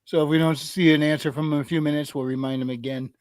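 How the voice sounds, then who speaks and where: A man in a casual online group chat, speaking in a measured, explaining way. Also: on the high side, steady tone, a little mellow, dry recording.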